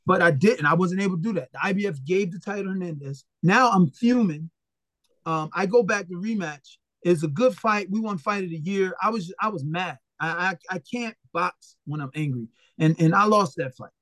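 A man with a notably high speaking voice, recorded close and dry with no room sound. He tells his stories as an interview guest in a blunt, animated way, full of profanity, and slips into the voices of the people he quotes. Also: moderate pace, no room sound. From Philadelphia, USA. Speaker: retired boxer, interview guest. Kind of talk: casual storytelling interview.

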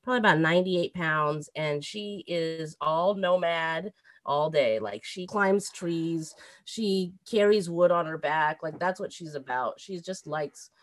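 A woman in her thirties telling a personal story in casual chat, animated and breaking into laughter. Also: sits low, a little slow, no echo. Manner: animated storyteller, laughs through a sad tale.

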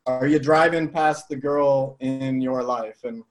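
A man as an interview guest telling a personal story in a casual, animated way. He swears freely. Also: medium pitch, unhurried.

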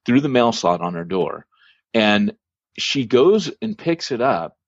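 A man's voice: medium pitch, big pitch swings, slow pace, dry recording, highs cut off. A man hosting a church planting podcast, telling a long story casually, with lots of fillers and restarts.

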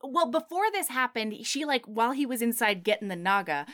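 A woman's voice: on the high side, sing-song, brisk, a bit bright. A woman co-hosting a casual podcast, retelling a book plot in a breezy, profane way. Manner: breezy, profane storytelling with voiced asides. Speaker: podcast co-host recapping a book. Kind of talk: casual chat.

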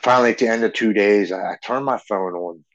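A man in his forties telling his own story as a podcast guest, earnest and halting, often restarting his sentences. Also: fairly low pitch, highs cut off. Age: 40s. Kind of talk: personal recovery story.

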